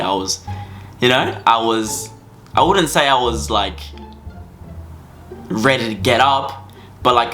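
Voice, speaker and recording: A man's voice: mid-range voice, bright, forceful tone. A young man telling a school story to camera in a rambling, casual way, full of fillers and repeats. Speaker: vlogger.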